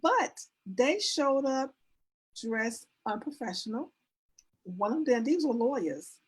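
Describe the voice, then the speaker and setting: This woman's voice is a little high, husky, and sing-song, and she speaks slowly. An etiquette and image consultant in a casual interview, she earnestly explains using everyday examples and demonstrations of sentence endings, with many restarts.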